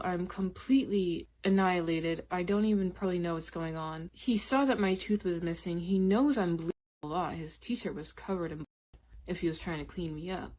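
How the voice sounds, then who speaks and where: Young woman, lowish voice, candid casual storyteller, chatty with filler words. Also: normal speed, a little mellow. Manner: candid, conversational, many "like" and "literally" fillers. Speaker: woman telling her own story on social media. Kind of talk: casual first-person storytime.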